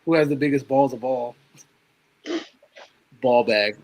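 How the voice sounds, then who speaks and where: A man's voice: medium pitch, a little slow, darkish tone, rough recording. A young man hosting a live stream, chatting casually about horror movies and swearing freely. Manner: laid-back, swears freely.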